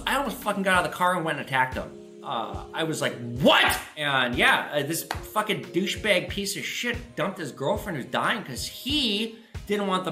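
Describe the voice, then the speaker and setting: A man hosting his own show, answering viewer questions and telling stories in a casual, profane way. He is recorded in an echoey room with faint music. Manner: animated, profane, jumps to high pitch for quoted voices. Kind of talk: casual storytelling monologue.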